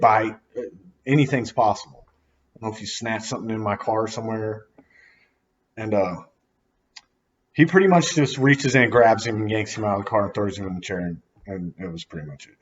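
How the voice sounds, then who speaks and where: A man telling a personal story in casual slangy speech, acting out quoted lines with sudden loud outbursts. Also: mid-range voice, muffled recording.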